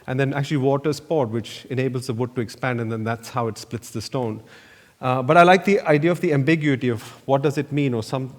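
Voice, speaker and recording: A man, an architect giving a slide lecture, telling loose anecdotes full of "you know" fillers. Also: mid-range voice. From India. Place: lecture hall. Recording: echoey lecture hall reverb.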